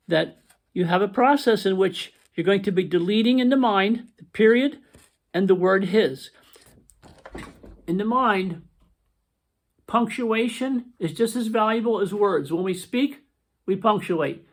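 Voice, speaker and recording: A man teaching grammar over slides, stressing points and checking in with "okay?", reading sample sentences slowly. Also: high-pitched. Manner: emphatic, repeats "okay?" to check understanding.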